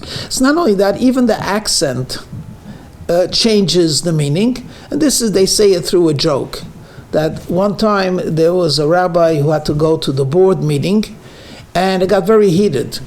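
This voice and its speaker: A rabbi gives his weekly lecture, a sermon mixing jokes and teaching, telling stories and stressing words to show how emphasis changes meaning. He uses frequent fillers, and his high voice is expressive, a little mellow, and measured in pace.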